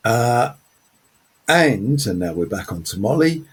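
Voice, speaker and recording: A man's voice: mid-range voice, big pitch swings, slow pace, husky. A man presenting a close reading of a novel, talking through passages in a hesitant way with many fillers. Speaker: literature presenter. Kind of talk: unscripted close-reading commentary.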